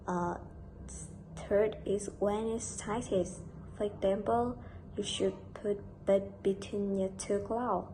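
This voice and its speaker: Slow, mellow-voiced woman presenter. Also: mid-range voice, steady tone, slight background noise, poor audio. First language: Vietnamese. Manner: careful, slightly halting reading. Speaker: student presenter. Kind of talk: reading a class presentation.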